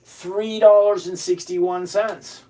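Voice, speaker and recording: A man's voice: high-pitched, flat delivery, slow pace, mellow. A middle-aged man hosting a live trading stream, bluntly thinking aloud and greeting viewers by name. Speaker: livestream host.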